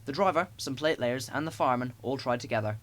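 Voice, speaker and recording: A man narrating children's stories as an audiobook, in an expressive storytelling way. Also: medium pitch, quick pace.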